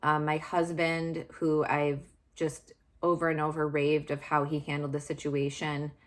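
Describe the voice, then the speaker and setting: Speaking directly to camera, a vlogger with a notably low, monotone voice shares a personal story at a measured pace. She's candid and confessional, searching for words and often circling back to restart, sounding unscripted.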